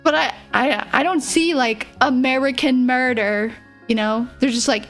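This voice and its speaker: A woman's voice: a little high, normal speed. A young woman streamer chatting casually, rambling and giggling, who mumbles a little. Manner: rambling, giggly, self-deprecating. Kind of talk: casual livestream chat. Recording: faint music behind.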